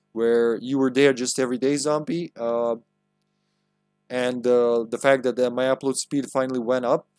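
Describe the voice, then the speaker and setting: A man's voice: medium pitch, no room sound. Man, live game streamer, rambling jokey commentary, dry close-up voice. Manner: rambling, joking asides. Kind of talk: live let's-play commentary.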